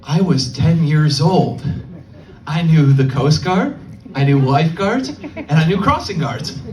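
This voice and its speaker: Animated young man telling a stand-up story. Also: a little high. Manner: storytelling with quick quoted voices. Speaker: stand-up comedian. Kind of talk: stand-up set. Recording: distant mic, faint room ambience.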